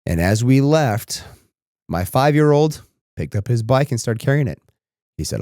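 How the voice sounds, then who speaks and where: A man's voice: lowish voice, lively intonation, a little slow, pauses often, dark tone, no echo, studio quality. A man in his thirties hosting a podcast, telling a personal story in a reflective way that turns emotional and tearful. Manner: reflective, becomes emotional and tearful while recounting. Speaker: podcast host.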